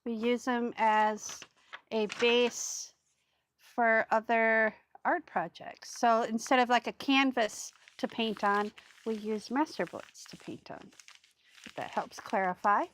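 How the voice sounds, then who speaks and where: A woman's voice: fairly high pitch, fairly even intonation, slow pace, fairly bright tone, a little hiss or hum. A woman hosting a live crafting stream, chatting loosely with viewers as she works. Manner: chatty and rambling, greets viewers while working. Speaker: craft video host. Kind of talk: casual live crafting chat.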